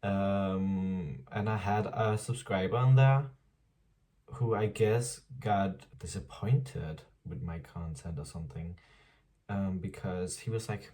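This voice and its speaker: Young man, around twenty, lowish voice, chatty diary vlog, swears and laughs, a bit far from the mic. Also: slow pace, mellow. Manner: frank and chatty, swears freely, laughs often. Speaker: vlogger. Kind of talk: casual confessional diary vlog.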